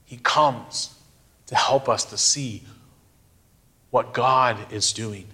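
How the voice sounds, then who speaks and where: A middle-aged man giving a sermon, speaking in a slow, reflective way with emphatic pauses. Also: medium pitch, pushed and bright. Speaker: pastor.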